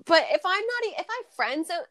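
A woman's voice: very high-pitched, fast. Blunt, profane young woman podcaster. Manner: blunt, profane, animated storytelling. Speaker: podcast co-host. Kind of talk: casual chat.

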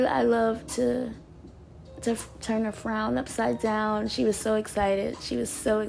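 High-voiced woman with some vocal fry, chatty wellness vlogger, laughs a lot, bubbly. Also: little pitch movement, unhurried, darkish tone, soft background music. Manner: bubbly, laughs often while telling stories. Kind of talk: casual chat to viewers.

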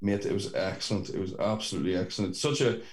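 A young Northern Irish man with a low voice talks fast as he co-hosts a podcast over a video call from his sister's bedroom at home. His casual chat rambles and is peppered with swearing.

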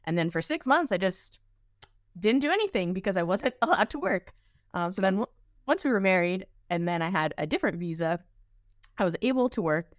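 A young American woman guesting on a podcast, telling stories in a lively, laughing way. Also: fairly low pitch, fairly quick, dry recording, clean studio sound. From United States. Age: young adult. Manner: lively storyteller who laughs through her anecdotes. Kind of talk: casual podcast chat.

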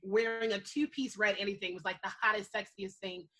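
A young adult woman co-hosting a podcast, chatting loudly and laughing as she tells stories. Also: medium pitch, brisk. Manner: loud, laughing, animated storytelling. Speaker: podcast co-host. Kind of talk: casual chat.

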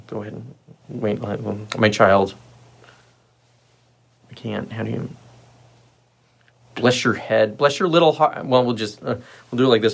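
A male livestream host who talks in a loose, rambling way, blunt and sarcastic throughout. His pitch swings widely, giving an animated, restless delivery. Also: moderate pace, vocal fry. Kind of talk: casual solo livestream talk.

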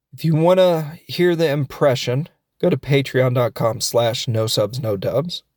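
A man of middle pitch tells a film's story in a loose, joking way, chuckling and dropping into quick voices for the characters. The recording is close and dry, with no room sound. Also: no echo. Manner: animated retelling, acting out characters' lines in quick voices; jokey, offhand, with chuckles. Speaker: film reviewer and show host. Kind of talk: casual film recap and review.

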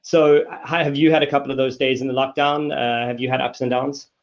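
A man's voice: medium pitch, flat delivery, fairly quick, lo-fi sound. A man hosting a casual webinar interview, speaking candidly and bluntly. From South Africa. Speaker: host.

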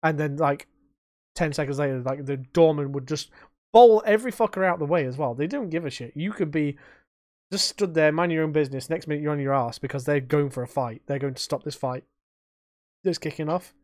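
A young man, hosting a casual podcast chat and telling animated stories that he acts out and laces with swearing. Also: on the high side, brisk, no room sound, studio quality. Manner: animated storytelling, swearing, acting out quotes. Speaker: podcast host.

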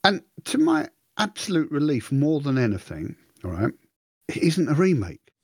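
A man co-hosting a podcast, his voice a little husky and breathy. He rambles through his thoughts in casual chat, poking fun at himself and acting out what went through his head. The sound is dry and close. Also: fairly high pitch, wildly swooping pitch, normal speed, no room sound. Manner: rambling, self-mocking, acts out his own thoughts. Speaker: podcast co-host.

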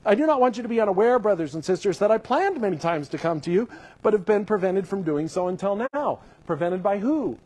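A male pastor giving a sermon, reading scripture aloud and explaining it with animated enthusiasm. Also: sits high, breathy edge, rough recording.

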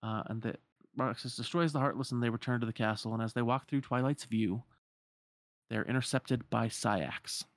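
A man's voice: medium pitch, normal speed, no room sound, studio quality. A man narrating a video game story in plain, casual storytelling with a few fillers.

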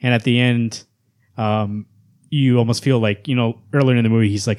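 A man co-hosting a comics podcast, talking fast and animatedly in casual chat, swearing freely. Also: medium pitch, steady tone, darkish tone. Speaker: podcast co-host.

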